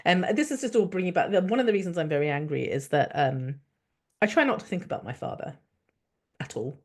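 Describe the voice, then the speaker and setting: A woman's voice: fairly low pitch, lively intonation, a little fast. A woman, hosting a solo podcast and ranting in an angry, sweary, sarcastic way. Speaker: podcast host.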